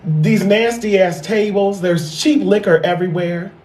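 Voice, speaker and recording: A sassy, foul-mouthed man in his thirties tells a stand-up story, circling back to repeat his best lines. His voice sits notably high. The sound rings around an echoey room. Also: a little slow, a little mellow. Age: 30s. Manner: sassy, profane, repeats punchlines. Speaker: stand-up comedian.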